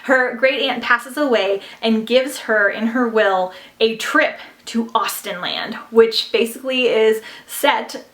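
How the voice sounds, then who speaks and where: Speaking slowly in a slightly high, a bit bright voice, a young woman who vlogs about books gushes over titles she listened to. The chatty review is packed with fillers and echoes around the room.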